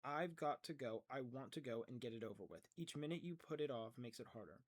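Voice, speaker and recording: A man's voice: medium pitch, animated, fairly quick, natural voice. A man reading aloud as a stubborn teenage girl, his voice earnest and a little raised. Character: anxious teenage girl, stubborn and hot-tempered.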